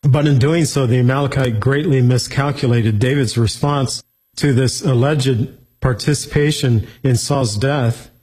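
Bible teacher, male, slightly husky voice, reads the verses and then explains them simply. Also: mid-range voice, measured pace, a little mellow, poor audio. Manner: reads scripture aloud, then explains it plainly.

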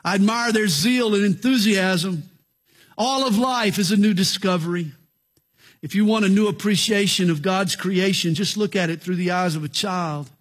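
Husky high-voiced male pastor preaching. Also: normal speed. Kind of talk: radio sermon.

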